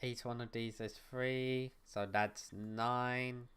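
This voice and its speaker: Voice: medium pitch, little pitch movement, slow pace, fairly bright tone, clear, resonant tone. A young adult livestreamer at home, chatting casually with viewers and thinking aloud while playing. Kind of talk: casual gaming stream chat. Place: at home, neighbors next door.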